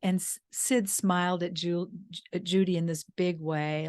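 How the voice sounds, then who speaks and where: Woman guest speaker; soft-spoken, reflective, lowish, dry. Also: fairly even intonation, normal speed, no echo. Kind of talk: personal storytelling talk. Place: retreat venue.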